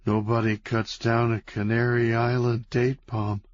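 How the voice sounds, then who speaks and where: A man voicing a dazed, injured man in shock who speaks flatly and slowly, like a robot. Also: medium pitch, no echo, voice pushed up, natural voice. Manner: flat, robotic, slow. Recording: dull, lo-fi, dry.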